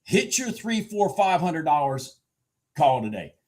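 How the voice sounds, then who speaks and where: A man live-streaming his day trading, commenting excitedly on the market, swearing and repeating himself as he shifts between shouting and muttering. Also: fairly high pitch, a little slow. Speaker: livestream day trader.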